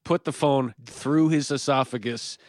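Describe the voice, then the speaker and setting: A man's voice: medium pitch, measured pace, darkish tone. A man co-hosting a sports talk show, teasing his partner and laughing often. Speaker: sports radio co-host.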